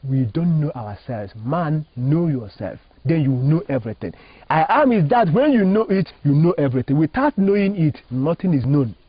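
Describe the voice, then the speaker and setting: A Catholic priest from Nigeria, a man, explains spiritual ideas in an emphatic, preacherly way, posing rhetorical questions. His fairly high voice swoops lively up and down and carries a husky edge. The recording is dull and lo-fi, dry with no room sound. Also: normal speed, no echo. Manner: emphatic, preacherly, rising and falling phrasing, asks rhetorical questions. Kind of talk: spiritual teaching in an interview.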